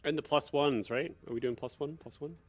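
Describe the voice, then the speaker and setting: A man's voice: fairly high pitch, brisk. A man playing a tabletop game, asking questions to check the rules. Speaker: player.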